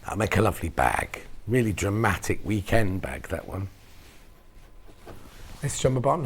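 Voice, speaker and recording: Gravelly chatty male shopping host. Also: on the low side, very animated, normal speed, pauses often. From United Kingdom. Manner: chatty, reads viewer messages aloud. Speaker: shopping channel presenter. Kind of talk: casual on-air sales chat.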